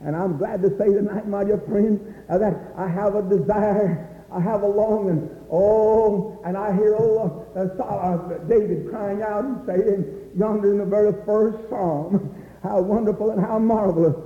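A man preaching a fervent revival sermon, crying out praise, repeating "my dear friend," and rising into shouts. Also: high voice, steady tone. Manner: rises into shouts and slows for emphasis. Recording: dull, echoey hall recording.

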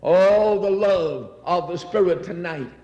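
A fervent male preacher with a high voice delivers a sermon, repeating his phrases and reading scripture aloud. His voice rings through a large hall with a long, echoing tail. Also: takes it slowly, dark tone, muffled recording. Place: church. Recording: echoey hall.

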